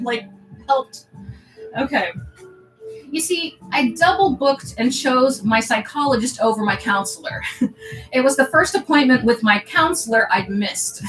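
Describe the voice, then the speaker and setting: A woman's voice: fairly high pitch, fairly bright tone. Woman reading her diary, laughing often. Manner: laughs often between lines. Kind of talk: reading diary aloud with asides. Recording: roomy echo, faint music behind.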